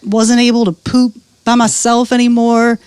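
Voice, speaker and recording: Animated profane woman storyteller, dry sound. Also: on the high side, moderate pace, smooth, dry recording. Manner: animated, profane, acts out quotes. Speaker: interview guest, comedian. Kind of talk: candid storytelling.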